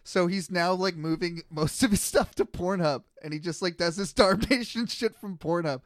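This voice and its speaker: A man's voice: high voice, normal speed, dry recording, clean studio sound. A man co-hosting a crude comedy podcast, blunt, profane and joking. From Canada. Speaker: podcast co-host.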